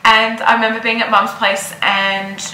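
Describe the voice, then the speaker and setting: A woman's voice: on the high side, level tone, moderate pace, echoey room, very noisy. A heavily pregnant young woman chatting casually in a vlog, repeating words for emphasis. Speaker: vlogger.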